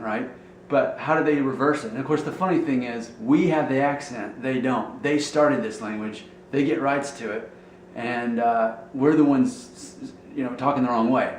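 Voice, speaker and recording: A man from Alabama musing casually to camera as a blogger, rambling and thinking aloud with fillers. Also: medium pitch. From Alabama, USA. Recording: roomy echo, faint noise.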